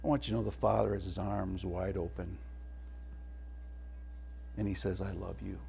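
A middle-aged male pastor giving a sermon, telling family stories with laughs and dropping to a hushed tone for prayer. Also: low-pitched, steady tone, moderate pace, creaky, slight background noise.

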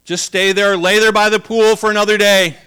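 A man's voice: high voice, flat delivery, a little fast, pushed and bright, smooth. A man preaching a conversational sermon, humorous and laughing often as he retells the story. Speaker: pastor.

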